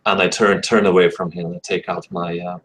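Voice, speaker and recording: A man's voice: low voice, little pitch movement, fairly quick, fairly bright tone. A man playing a tabletop game, describing his character's actions in a hesitant, rambling way. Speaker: player. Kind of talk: casual tabletop game talk.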